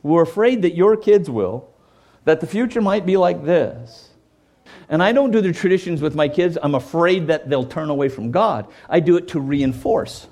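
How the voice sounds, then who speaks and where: Animated male preacher. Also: on the high side, normal speed. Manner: conversational preaching, frequent "okay?" check-ins; acts out quoted voices and jokes. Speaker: pastor. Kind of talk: sermon.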